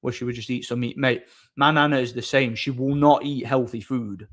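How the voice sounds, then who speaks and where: A man's voice: mid-range voice, fairly even intonation, brisk, fairly bright tone. A man chatting casually on a live stream, opinionated and rambling, often repeating words as he thinks. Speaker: streamer host. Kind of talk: casual chat answering viewers.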